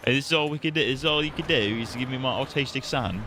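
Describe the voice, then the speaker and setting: A man's voice: mid-range voice, quick pace, noisy background, lightly acted. A man putting on a blustering British dad. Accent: put-on British, drifting toward Irish. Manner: blustering, ranting, exaggerated disbelief. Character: exasperated British dad, middle-aged man, loud and blustering.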